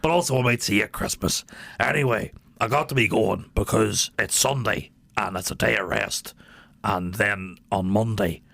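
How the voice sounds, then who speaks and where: A man plays a gruff, deadpan older uncle with a low, gravelly voice and a Northern Irish accent. He is recorded close and dry. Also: moderate pace, no room sound.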